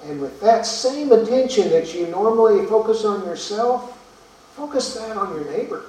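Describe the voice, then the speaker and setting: In an echoey room, captured at a distance, a pastor delivers an earnest sermon full of rhetorical questions and repeated words. His voice sits high and sounds mellow and animated, at a normal speed.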